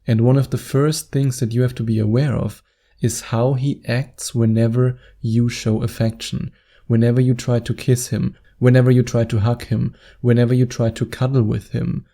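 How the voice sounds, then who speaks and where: A man's voice: medium pitch, flat delivery, moderate pace, vocal fry, warm tone. A man giving relationship advice as a coach, talking earnestly and rephrasing his points as he goes. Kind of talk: advice video monologue.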